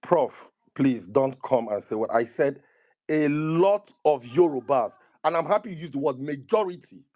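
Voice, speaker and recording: A man's voice: a little high, animated, moderate pace, darkish tone. A man with a Nigerian accent defending his words in a heated online debate. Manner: defensive, insists he is right. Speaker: debate participant. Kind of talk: heated argument.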